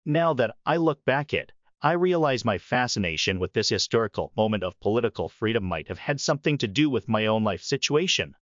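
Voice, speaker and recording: A man's voice: mid-range voice, lively intonation, fairly quick, hardly any pauses, fairly bright tone, dry recording, dull audio. A man in his forties opens a sermon with a reflective personal story. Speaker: preacher.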